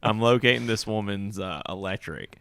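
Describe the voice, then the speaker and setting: A man co-hosting a podcast, telling work stories in a relaxed, swearing casual chat. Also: fairly low pitch, moderate pace, gravelly, clear, resonant tone, no echo. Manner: laid-back storyteller, swears freely. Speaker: podcast co-host.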